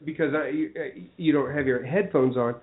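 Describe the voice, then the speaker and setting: A male radio host with a fairly high voice chats casually and tells stories with animation, turning often to question his guests. The sound is squeezed and thin, like it's coming down a phone line. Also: moderate pace. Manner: animated storyteller, quizzing guests. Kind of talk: casual studio chat.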